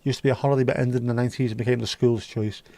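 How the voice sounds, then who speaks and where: A man's voice: mid-range voice, fairly even intonation, very fast, dark tone, dry recording. A man hosting a casual livestream, chatting with viewers in sweary, joking banter. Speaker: livestream host reading chat. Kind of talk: casual chat.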